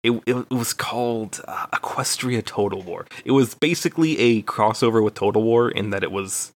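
A man's voice: fairly low pitch, moderate pace, dry recording. A young man from Texas, a podcast co-host, telling a rambling, profane, self-deprecating story in casual chat.

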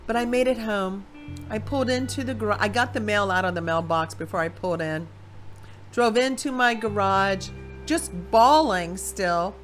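Animated woman giving testimony. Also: medium pitch, moderate pace, faint music behind. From Ohio, USA. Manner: animated storytelling with voiced quotes. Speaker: Christian speaker. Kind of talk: personal testimony sermon.

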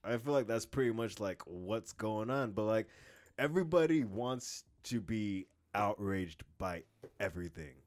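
Guy on a podcast going off, swearing a lot, kinda low voice, gets loud. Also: measured pace. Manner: loud, profane, animated rants. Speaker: podcast co-host, aspiring stand-up comic. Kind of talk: casual podcast chat.

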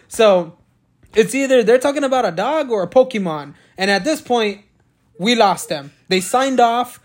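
A man's voice: very high-pitched, expressive, moderate pace. A man co-hosting a podcast in casual chat, rambling and joking with a lot of swearing. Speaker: podcast co-host.

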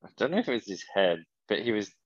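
Low calm man, dull dry sound. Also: quick pace. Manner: calm, short replies, laughs easily. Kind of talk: casual chat.

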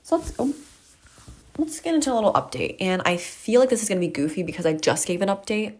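A woman's voice: medium pitch, sing-song, quick pace, a little mellow. A teenage girl chatting casually to the camera at home while getting ready at a mirror, rambling and poking fun at herself. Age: teens. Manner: chatty, self-deprecating, rambling asides. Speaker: vlogger.

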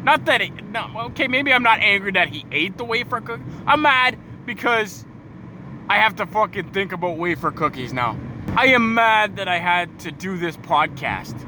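A man's voice: high-pitched, animated, normal speed, pushed and bright, a little hiss or hum. A tired young man hosting a podcast, delivering a profane, exasperated comic rant from his car at night. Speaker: podcast host.

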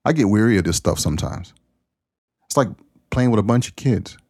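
A man with a low, deep voice hosts his own podcast in a casual monologue. He is folksy and preachy, with a plain-spoken way of talking. The sound is dry and close. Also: animated, brisk, a little mellow, slightly rough, no room sound. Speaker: podcast host.

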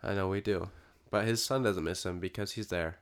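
A man's voice: low voice, brisk. Laid-back young man, joking chat. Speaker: podcast co-host. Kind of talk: casual chat.

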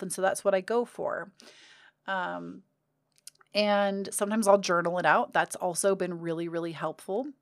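In a clean studio recording with no room sound, a young woman with a medium-pitched voice shares self-help thoughts directly with her viewers. The vlogger is earnest and confiding about healing and self-care, and she swears casually.

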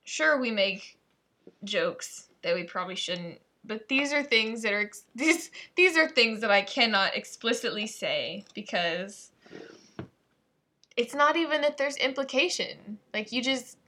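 A woman's voice: on the high side, animated, measured pace, sharp tone. A woman hosting a casual solo podcast, playful and self-mocking, prone to giggling as she talks. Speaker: podcast host.

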